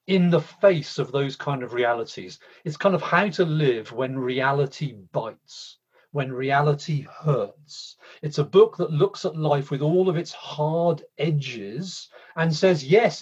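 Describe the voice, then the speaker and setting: Conversational male preacher, slightly husky voice, muffled lo-fi recording. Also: fairly high pitch, a little mellow. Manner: conversational, halting with repeated restarts. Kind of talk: sermon. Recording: slightly dull lo-fi sound.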